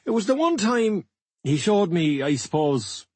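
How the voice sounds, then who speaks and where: A man's voice: sits high, sing-song, unhurried, darkish tone, slightly rough, no room sound. A man narrating a first-person memoir audiobook in a blunt, matter-of-fact way.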